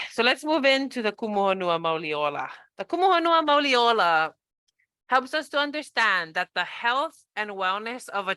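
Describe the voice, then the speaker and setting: A cultural practitioner from Hawaii gives a chatty, upbeat online presentation over a video call, full of fillers and restarts. Her voice is lowish, pushed and bright, with no room sound.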